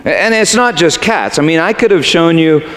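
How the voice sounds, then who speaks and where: A male pastor preaches with a lively, rising and falling voice. He reads scripture animatedly, then talks to his congregation in a relaxed, conversational way. His voice rings out with long reverb in a large hall. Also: fairly high pitch, normal speed. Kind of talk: sermon.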